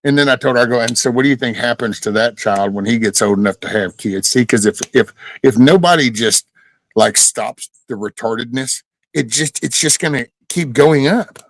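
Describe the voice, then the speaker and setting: A man's voice: medium pitch, moderate pace, poor audio. A man hosting a casual live stream, rambling through stories and chatting with viewers. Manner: rambling storytelling, talks to chat. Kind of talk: casual chat reading viewer comments.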